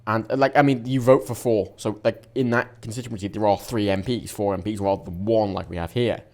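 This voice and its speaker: A man's voice: lowish voice, fairly even intonation, brisk, darkish tone. A man on a casual podcast rambling through an explanation, restarting his sentences often. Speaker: podcast co-host.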